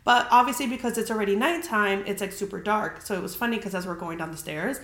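Fast and fairly bright, her mid-range voice carries a chatty story on her podcast. This young adult host peppers everything with "like" and curses without hesitation, and the recording picks up roomy echo.

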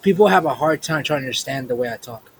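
A man talking in a casual podcast chat, blunt and slangy, often halting mid-sentence. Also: medium pitch, animated, a bit bright, low-quality recording. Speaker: podcast co-host. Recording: faint background noise.

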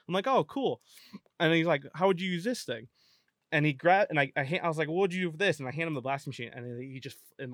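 A man's voice: mid-range voice, no echo, studio quality. A man telling a story on a casual podcast, acting out both sides of a conversation. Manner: animated, acts out both sides of a dialogue.

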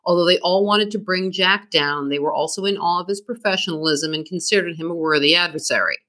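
Bright-voiced woman narrating true crime. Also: fairly low pitch, a little fast. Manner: reads from a script, dramatic storytelling. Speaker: podcast co-host.

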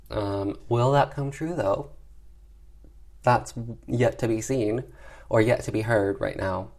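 A man at an average pitch talks through a movie plot in a loose, chatty way. He's sassy and playful, leaning on filler words as he goes. Now and then he drops into quick impressions of the characters. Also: a little mellow. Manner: acts out characters' lines in quick voices. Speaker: film reviewer. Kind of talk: casual movie recap.

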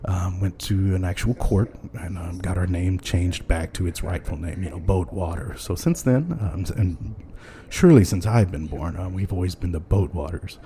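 A man's voice: sits low, normal speed, warm tone, a little hiss or hum. A man hosting a podcast, chatting loosely with many ums and uhs and frequent chuckles. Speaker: podcast host. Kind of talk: rambling casual chat.

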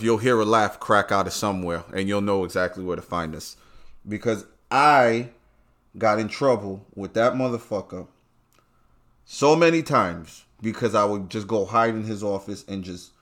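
A man's voice: lowish voice, fairly bright tone. A man from Brooklyn with a New York accent, talking bluntly and swearing freely as he hosts his own podcast monologue. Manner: profane, blunt storytelling. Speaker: podcast host. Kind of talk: casual monologue.

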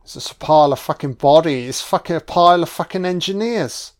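A man giving a casual, sweary audio commentary on a film, reacting out loud to what he sees. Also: fairly high pitch, brisk. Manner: sweary, exclaiming reactions at the screen.

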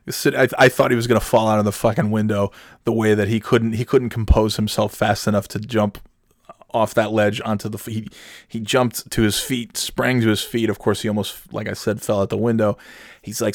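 A man's voice: on the low side, level tone, moderate pace, dry recording, clean studio sound. A man telling a personal story in a casual, rambling way, swearing freely and often restarting his sentences. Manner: rambling, profane, with many restarts. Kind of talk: casual anecdote.

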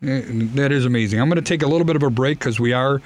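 A man with a Chicago accent hosting a radio talk show, reading out plugs and phone numbers in a brisk, friendly way. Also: medium pitch.

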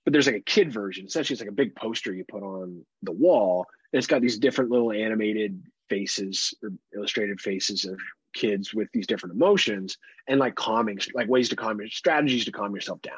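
A man's voice: lowish voice, a little fast, slightly rough, no room sound, dull audio. A man in his thirties co-hosting a podcast in casual chat, profane and rambling, often laughing. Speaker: podcast co-host.

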